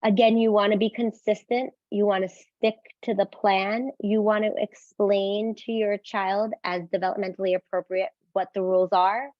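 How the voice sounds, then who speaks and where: A woman explaining parenting skills in an instructional talk, calm and clear, often checking in with a quick "right?". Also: mid-range voice, no room sound. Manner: explains calmly, asks "right?", acts out sample phrases for parents. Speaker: parenting educator. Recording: dry, slightly dull and lo-fi.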